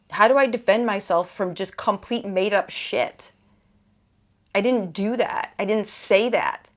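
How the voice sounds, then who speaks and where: A woman's voice: medium pitch, fairly bright tone. A woman hosting a personal podcast, speaking candidly and conversationally, with restarts and an emphatic, exasperated edge in places. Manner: candid, earnest, conversational with frequent fillers and restarts. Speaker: podcast host.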